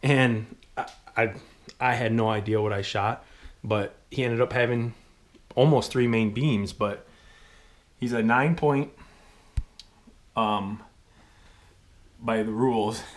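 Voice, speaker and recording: A young man from Michigan casually telling a hunting story to the camera, excitable and rambling with frequent ums and little laughs. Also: on the low side, unhurried, long pauses. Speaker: hunting channel host.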